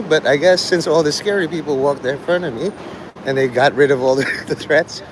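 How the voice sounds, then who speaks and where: A man's voice: on the high side, background noise. A man vlogging outdoors in a city street, rambling with sardonic asides. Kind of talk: rambling live street vlog.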